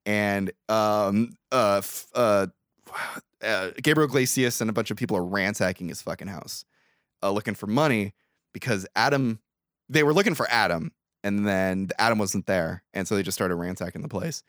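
Man podcast co-host, low voice, dry close mic, profane animated recap. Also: moderate pace, no room sound. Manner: profane, animated retelling with acted quotes. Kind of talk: casual movie recap chat.

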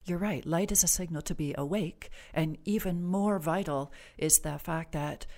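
A woman clinician, a guest on the podcast, explaining stress and sleep in a measured, reassuring, gently instructive way. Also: sits low. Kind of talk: calm explanatory interview talk.

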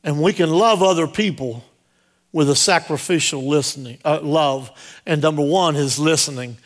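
Man, pastor, sermon, higher voice, jokey, quizzes the congregation. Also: normal speed. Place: church service.

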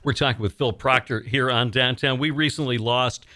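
A man's voice: medium pitch, steady tone, moderate pace, bright, forceful tone, dry recording. A man hosting a radio interview in a studio, asking brief friendly questions. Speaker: radio host.

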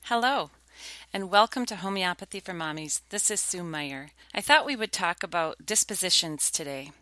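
A woman's voice: lowish voice, expressive, normal speed, no echo. A middle-aged woman hosting a talk show, chatting casually and acting out quotes as she tells stories. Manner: chatty, warm-toned storytelling with acted quotes. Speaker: podcast host.

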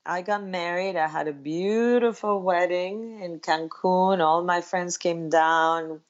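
A woman's voice: lowish voice, slow, muffled recording. A woman from Mexico, a guest telling her life story and acting out what her friends said. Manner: animated, acts out quoted friends in livelier tones. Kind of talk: personal storytelling in conversation.

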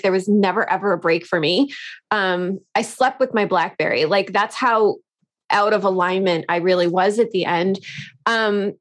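A woman, a podcast co-host and business owner, talking frankly and playfully in casual conversation, with some swearing. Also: mid-range voice.

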